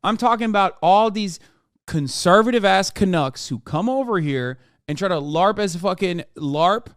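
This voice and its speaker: A man's voice: high voice, smooth, dry recording, clean studio sound. A man hosting a live stream who reads articles aloud and breaks into profane, sarcastic rants. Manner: fast, flat reading of quoted text. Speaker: streamer host.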